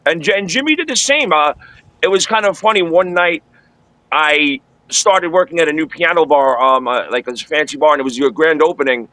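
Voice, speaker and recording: Bright-voiced, blunt, laid-back man. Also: a little high, a little fast, no room sound, rough recording. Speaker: guest, former radio worker and film-set stand-in. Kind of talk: casual storytelling in an interview.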